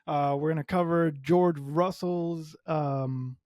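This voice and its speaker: A man hosting a solo motorsport podcast, a native Spanish speaker talking in English, animated and emphatic with strong opinions. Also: a little high, slow pace, dry recording, studio quality. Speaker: podcast host.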